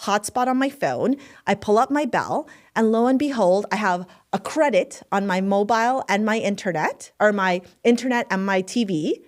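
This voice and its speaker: A woman talking fast and animatedly, piling one clause onto the next as she recounts a story. She swears freely in a casual podcast conversation, her pitch sitting in an ordinary middle range. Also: lively intonation. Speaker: podcast guest, manifestation coach.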